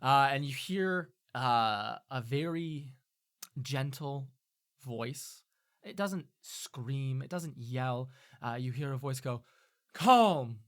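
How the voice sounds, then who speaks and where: Bright-voiced male game master. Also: mid-range voice, takes it slowly. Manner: relaxed, loose, with many fillers. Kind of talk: narrating a tabletop game.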